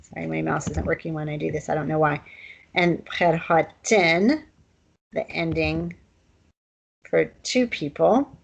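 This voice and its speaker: Low, gravelly woman teaching. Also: steady tone, normal speed, poor audio. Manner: casual, chatty teaching with fillers and asides. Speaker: language teacher. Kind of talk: recorded online language lesson.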